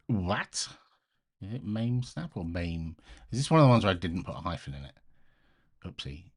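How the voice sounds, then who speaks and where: A deep-voiced, middle-aged British man live-streaming his coding session. He rambles in a relaxed, chatty way, breaking off mid-thought to answer viewers. The sound is close and plain, like a desk microphone. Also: moderate pace, husky. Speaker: live-streaming open source maintainer. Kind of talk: casual live-stream chat while coding.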